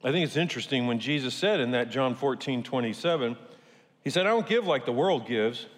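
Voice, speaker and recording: A man's voice: mid-range voice, animated, fairly quick. Man preaching in a reverberant hall. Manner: conversational, repeats key phrases, acts out quotes. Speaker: pastor. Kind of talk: sermon.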